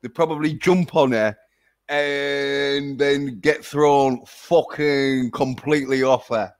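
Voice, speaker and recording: A man's voice: medium pitch, steady tone, takes it slowly. A man ranting profanely in a casual livestream. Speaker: vlogger.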